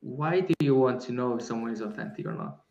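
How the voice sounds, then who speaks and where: A guest speaker on embodiment answers a question reflectively and conversationally, frequently restarting, using fillers, and searching for the right words. His medium-pitched voice moves quickly with a darkish tone. The recording is reverberant, with the highs cut off.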